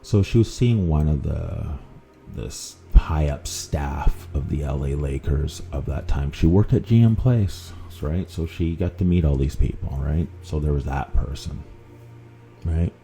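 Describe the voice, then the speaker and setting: A man with a strikingly deep, gravelly voice tells a personal story in a loose, rambling way, full of fillers and restarts. His tone is very dark and low, with faint music under the talk. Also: unhurried. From Vancouver. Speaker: podcast host.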